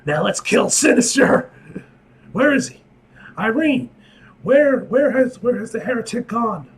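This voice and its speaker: A man voicing a fierce young woman warrior who demands vengeance, shouting high and urgently. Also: lively intonation, unhurried, heavily acted. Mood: furious.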